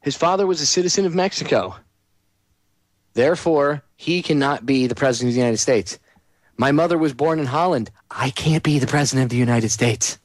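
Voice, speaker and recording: Male talk radio host, fired-up sarcastic rant, mid-pitched voice, dry sound. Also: brisk, no room sound. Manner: heated, ranting, sarcastic.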